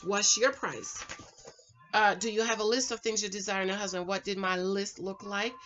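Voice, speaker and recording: A middle-aged woman sits at home and talks casually to the camera, handing out preachy dating advice in a chatty, animated vlog style aimed straight at the viewer. Her voice is mid-range and moves at a normal speed. The recording has its highs cut off and carries a slight hiss or hum.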